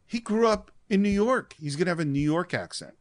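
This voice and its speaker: A man's voice: sits high, lively intonation, a little fast. A man co-hosting a film podcast, explaining scenes in a storytelling way. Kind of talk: casual film discussion.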